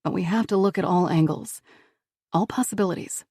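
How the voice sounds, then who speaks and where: A woman reader voicing a female federal agent who speaks calmly and firmly. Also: fairly low pitch, husky, no room sound, clean studio sound. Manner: calm, measured, reassuring. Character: female federal agent, calm, patient and firm.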